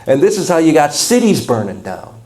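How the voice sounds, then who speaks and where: Male pastor, sermon delivery, folksy and impassioned, mellow dark voice. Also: a little high, sing-song, brisk. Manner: folksy, blunt, impassioned preaching.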